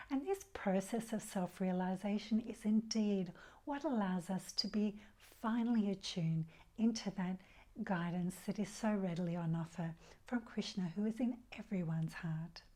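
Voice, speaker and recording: A woman giving a gentle spiritual talk as a yoga teacher, speaking softly and unhurriedly and dropping into breathy whispers on key phrases. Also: medium pitch. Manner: soft, slow and unhurried, drops to breathy whispers on key words; leads a slow, soft group mantra chant.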